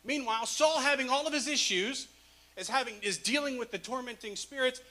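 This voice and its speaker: A man's voice: extremely high pitch, a little fast, bright, forceful tone. A man preaching a sermon, retelling a Bible story casually with humor and laughs. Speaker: pastor.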